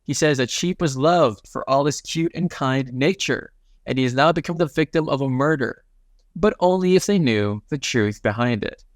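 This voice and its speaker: A man retells a comic story in a relaxed, slangy recap voice and walks through each scene as it comes. His voice sits at an ordinary middle pitch. It is recorded close and dry, with no room sound. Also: moderate pace, dry recording. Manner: casual and slangy, retelling panels in plain speech. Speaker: manhwa recap narrator. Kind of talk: casual story recap narration.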